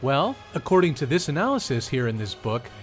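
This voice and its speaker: Thoughtful man over clear background music. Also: mid-range voice, big pitch swings, brisk. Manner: thoughtful, chuckling, sings melody fragments. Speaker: podcast co-host. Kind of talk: casual music analysis chat.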